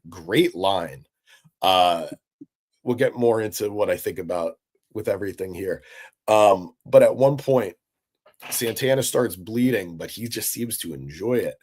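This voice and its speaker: A man's voice: fairly low pitch, a little slow, a little mellow. A man hosting a live-stream recap, talking casually and with enthusiasm, answering chat with lots of fillers. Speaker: wrestling recap host.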